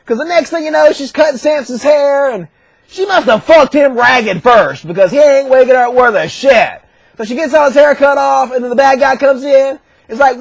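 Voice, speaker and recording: A man retelling a story as crude, profane comedy, slipping into shouted character voices. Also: very high-pitched, fairly quick, gravelly, dry recording. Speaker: comedic narrator.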